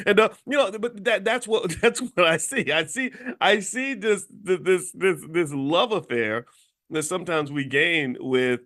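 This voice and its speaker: A man's voice: sits high, animated, measured pace, a bit bright. Emphatic American man hosting commentary. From Kentucky, USA. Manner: emphatic, repeats words and restarts, slips into mocking voices. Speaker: podcast host. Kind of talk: passionate social commentary.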